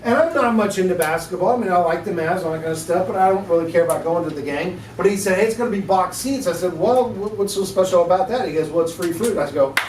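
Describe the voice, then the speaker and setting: A man teaching apologetics in a relaxed class, telling an anecdote with laughs and acted-out dialogue. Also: sits high, fast, hardly any pauses, slight background noise. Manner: chatty, laughing storyteller, acts out dialogue. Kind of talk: casual classroom talk with anecdotes. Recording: echoey room, mic at a distance.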